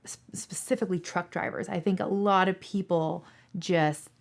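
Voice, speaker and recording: A woman in her thirties from Seattle answers interview questions as a dispatcher. She talks candidly and earnestly, repeating her points for emphasis. Her voice sits a touch low for a woman. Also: fairly even intonation, normal speed, creaky. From Seattle, Washington State.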